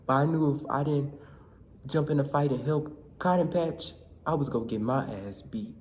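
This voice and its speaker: A young man vlogging, telling a comic story in casual slang with animated bursts. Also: mid-range voice, normal speed, a little hiss or hum. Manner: animated, slangy, shouts in quoted lines. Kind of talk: comedic storytelling vlog.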